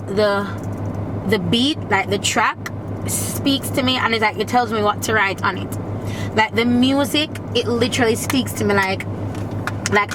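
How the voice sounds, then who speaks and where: A Jamaican beauty vlogger with a slightly high voice chats while doing her makeup in a parked car, with background noise around her. She rambles, stays chatty, and often restarts her sentences.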